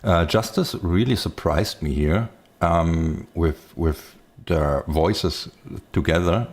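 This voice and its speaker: A man streaming live, chatting casually and excitedly as he reacts to music videos, swearing freely and thinking aloud with lots of fillers. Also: low voice. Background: faint music from the videos.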